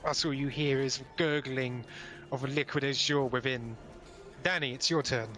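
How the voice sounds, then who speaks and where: Bright-voiced man running a tabletop game. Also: medium pitch, fairly even intonation, moderate pace, faint music behind. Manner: directs players and narrates the action. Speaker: game master.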